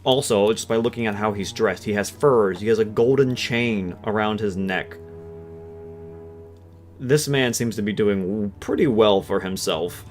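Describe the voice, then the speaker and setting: Low-voiced game master narrating. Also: male voice, unhurried. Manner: descriptive, casual, with fillers. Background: soft background music.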